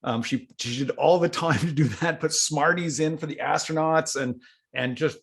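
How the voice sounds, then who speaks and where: A male co-host gushes over a whisky in a casual chat. His slightly high voice carries a lot of gravelly fry. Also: moderate pace. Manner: gushing, nostalgic.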